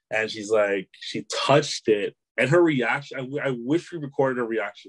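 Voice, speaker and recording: A man's voice: mid-range voice, moderate pace, few pauses, slightly rough, low-quality recording. A man being interviewed as an author and entrepreneur, talking casually in a loose, rambling way full of "you know" and easy laughter. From Canada. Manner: easygoing, rambling, many "you know" fillers, laughs easily.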